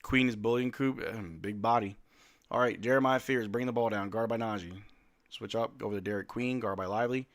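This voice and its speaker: A man hosting a live game watch-along, calling the plays in casual slang and shouting at the players. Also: lowish voice, fairly quick. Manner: animated, slangy, yells at players. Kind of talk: excited play-by-play fan commentary.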